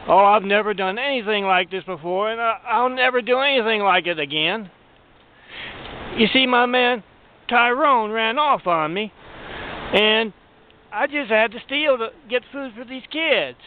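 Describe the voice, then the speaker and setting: A man's voice: lively intonation, measured pace. A man voicing a wheedling young mother caught shoplifting, pleading in a raised put-on voice over a tinny phone-like line. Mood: tearful pleading. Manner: high pleading put-on woman's voice. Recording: tinny phone-like sound, faint noise.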